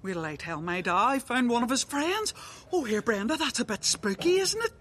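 A woman voicing an excitable, chatty middle-aged woman who laughs easily, in a radio drama. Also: fairly high pitch, fairly quick, husky, heavily acted. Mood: excited.

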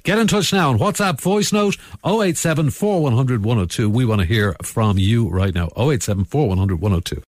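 A man's voice: mid-range voice, lively intonation, a little fast, hardly any pauses, no room sound. A man with an Irish accent hosting a radio show, chatty and jokey, bantering with his co-host into a studio mic. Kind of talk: upbeat radio chat. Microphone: studio microphone.

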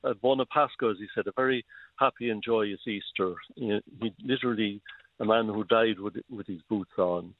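A man, an archbishop, speaking slowly and solemnly in a news interview. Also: on the low side, dry recording. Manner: slow, deliberate, solemn. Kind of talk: phone interview. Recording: tinny phone line.

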